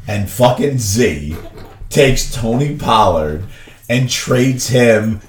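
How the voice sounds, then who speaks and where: A man tells a rambling story with profane, animated energy, laughing as he goes. The room rings with echo, and steady background noise sits under his voice. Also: mid-range voice, slow pace. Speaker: podcast co-host, league commissioner. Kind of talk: casual storytelling banter. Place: studio.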